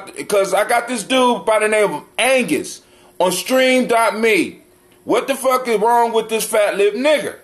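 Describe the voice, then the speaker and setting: A man's voice: high-pitched, fairly bright tone. A middle-aged man hosting a livestream, ranting in a profane, confrontational and mocking way. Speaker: livestream host. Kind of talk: heated livestream rant.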